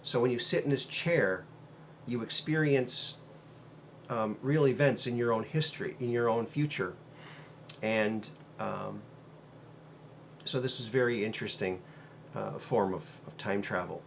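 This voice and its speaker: A man's voice: lowish voice, vocal fry, a little hiss or hum. A man hosting his own show, retelling a story in a loose, meandering way with many ums and uhs. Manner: meandering, halting, frequent um and uh fillers. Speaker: host. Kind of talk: casual monologue retelling a story.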